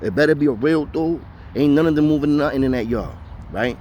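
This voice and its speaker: A man's voice: fairly high pitch, a little fast, a little mellow, slight background noise. Profane New man telling stories. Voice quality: profane street slang with constant "know what I mean" fillers. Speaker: storyteller. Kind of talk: casual storytelling.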